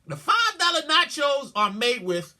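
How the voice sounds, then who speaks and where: A woman hosting a podcast, reading news headlines and reacting with loud exclamations, repeated words, swearing and a lot of laughter. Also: sits high, big pitch swings, a little slow. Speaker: podcast host. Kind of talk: comic commentary on news headlines.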